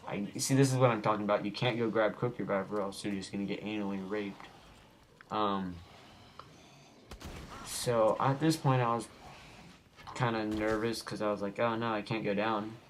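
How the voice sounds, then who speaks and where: A young man giving casual, rambling commentary over his gameplay footage as the host of a gaming channel, goofy and easily sidetracked. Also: fairly low pitch. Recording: home recording with faint background noise.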